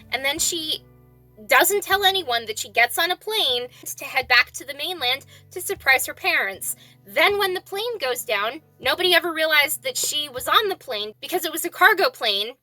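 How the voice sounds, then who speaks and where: A woman's voice: high voice, sharp tone. A woman vlogger reviewing books in a casual, blunt and exasperated way. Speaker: book vlogger. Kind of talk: casual book review vlog.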